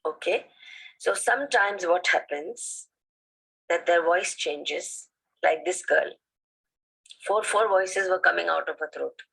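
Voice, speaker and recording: A woman's voice: fairly low pitch, slow pace, vocal fry, long pauses, a bit bright, husky, low-quality recording. A woman religious teacher giving a lecture, retelling anecdotes conversationally and often checking in with "okay?".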